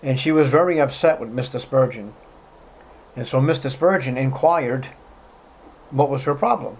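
Man, preacher, emphatic sermon delivery, rhetorical questions, frequent throat clearing. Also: medium pitch, moderate pace. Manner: addresses listeners as beloved, clears throat often. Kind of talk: expository sermon.

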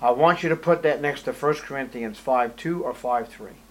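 A man preaching an expository sermon, reading scripture aloud in old wording and firing rhetorical questions, his voice swinging from loud to hushed. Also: medium pitch, normal speed. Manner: reads scripture aloud in King James wording.

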